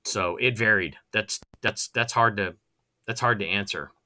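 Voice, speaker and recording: A man with a very bright, sharp-edged voice talks through his memories of building amps and guitars. He starts sentences, restarts them, and breaks them up with small chuckles. The tone stays casual and conversational throughout. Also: on the low side. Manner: halting, restarts, chuckles between thoughts. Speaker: guest, former guitar builder.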